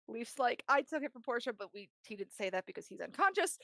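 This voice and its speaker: A woman's voice: on the high side, sing-song, bright, forceful tone, no echo. A woman game master recapping the last sessions of a tabletop game, rambling and laughing as she quotes the players. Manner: laughing, rambling, quoting players in quick asides.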